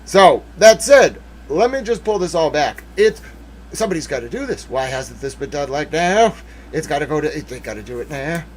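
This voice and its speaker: A man giving casual, rambling legal commentary on a stream, animated, with jokey asides and mock voices. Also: fairly high pitch, normal speed.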